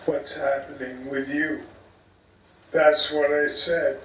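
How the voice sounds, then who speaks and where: A man speaking recorded personal messages in a slow, measured way. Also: a little high, flat delivery, fairly bright tone. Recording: echoey, distant, faint room noise.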